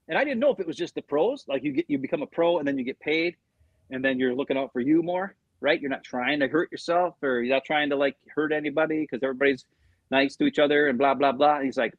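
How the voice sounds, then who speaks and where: A man's voice: a little high, quick pace, no room sound, muffled recording. A man co-hosting a casual sports podcast, telling a story with lots of retold quotes, rambling restarts and swearing. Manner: animated storytelling, retelling quotes. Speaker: podcast co-host.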